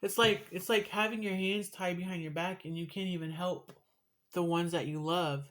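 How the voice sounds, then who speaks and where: A woman's voice: lowish voice, steady tone, normal speed. A woman talking to her viewers in a casual home vlog, emotional and rambling, swearing casually. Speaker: vlogger. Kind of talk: casual vlog while eating.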